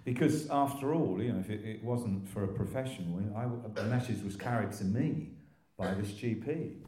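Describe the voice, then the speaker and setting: An older man from England giving a personal testimony, rambling along with restarts and self-deprecating asides. His voice is low and mellow, and the room around him echoes noticeably. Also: fairly quick. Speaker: speaker sharing his recovery story.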